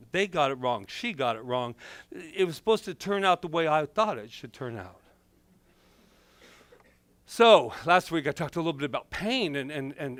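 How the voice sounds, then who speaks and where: A middle-aged man and minister giving a playful, animated sermon full of personal stories. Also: fairly high pitch, dry recording. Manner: animated, playful, acts out quotes.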